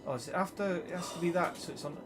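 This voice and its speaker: A man's voice: high-pitched, very fast. A man streaming a city-building game, swearing constantly in a put-on Geordie accent. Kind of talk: casual gaming livestream banter. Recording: noisy stream audio.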